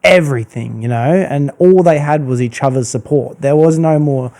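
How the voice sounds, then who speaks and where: Male podcast host, mellow low-key tone, earnest and reflective. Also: moderate pace. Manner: earnest, laid-back, reflective. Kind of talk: casual reflective chat.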